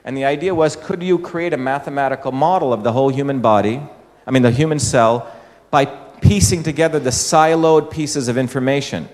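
A man's voice: mid-range voice, brisk, darkish tone. A man from India, giving a public talk and explaining with rhetorical questions to the audience. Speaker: speaker addressing an audience. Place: large hall with an audience. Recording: echoey hall.

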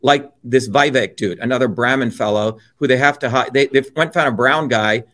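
A man's voice: medium pitch, fairly quick, a bit bright. A middle-aged man from India, an interview guest delivering a heated political monologue, blunt and profane, with mocking asides.

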